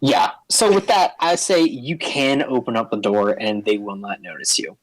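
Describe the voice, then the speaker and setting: A man running a tabletop game, rambling his way through scene descriptions with lots of fillers. His voice is dry and close, with no room echo around it. He sits at a mid pitch. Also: sing-song, moderate pace. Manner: rambling, filler-heavy, laughs a lot. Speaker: game master.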